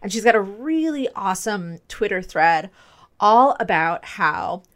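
A woman's voice: medium pitch, lively intonation, a little slow, a bit bright. A young adult woman co-hosting a podcast, explaining things in an enthusiastic, nerdy, rambling way. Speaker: podcast co-host. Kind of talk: casual podcast chat.

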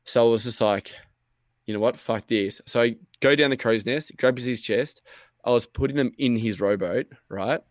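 A man's voice: mid-range voice, normal speed, no room sound. A young man casually retelling a video game story, rambling and swearing, quoting his own thoughts. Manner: rambling, profane, animated retelling with quoted inner thoughts.

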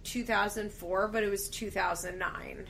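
A young woman chats casually as a podcast co-host, and "like" runs through her sentences. Her pitch sits in the middle of the usual range. A faint noise hangs under her voice. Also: steady tone, normal speed, creaky, a bit bright. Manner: chatty, lots of "like" fillers. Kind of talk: casual chat recapping a TV show.

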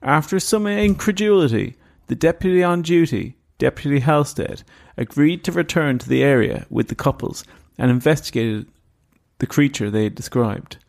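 A man's voice: fairly high pitch, lively intonation, moderate pace, vocal fry, darkish tone. A man co-hosting a paranormal podcast, chatting casually and reading story notes aloud. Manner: reads story notes, easily spooked. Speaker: podcast co-host. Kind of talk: casual chat and read narration.

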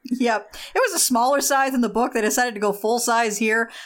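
A woman's voice: a little high, moderate pace. A woman co-hosting a podcast, chatting casually about a movie, swearing freely and comparing it to the book. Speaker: podcast co-host. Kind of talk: casual movie-recap chat.

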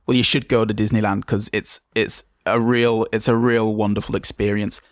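A man's voice: fairly low pitch, level tone, normal speed, no echo, clean studio sound, lightly acted. Man doing a pompous suited snob. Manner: condescending, sneering. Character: pompous entitled man in a suit.

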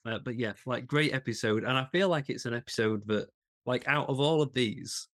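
A man co-hosts a casual podcast chat, his medium-pitched voice brisk and a bit bright. He talks with enthusiasm, often restarting sentences and laughing.

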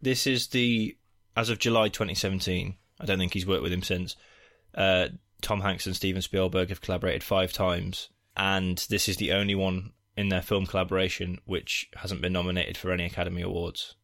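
Deep-voiced man, casual podcast chat. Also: level tone, a little fast, fairly bright tone. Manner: explains in detail, restarts sentences. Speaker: podcast co-host. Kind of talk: casual film review chat.

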